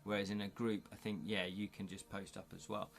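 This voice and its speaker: A middle-aged man from the United Kingdom, hosting a live stream and chatting casually with viewers' comments, jokey and quick to laugh. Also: on the low side, little pitch movement, vocal fry. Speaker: livestream host.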